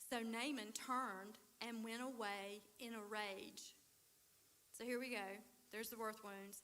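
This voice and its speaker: A woman giving a conversational sermon at a church recovery ministry, telling Bible stories with animated, acted-out dialogue. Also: on the high side. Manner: animated storytelling, acts out biblical characters.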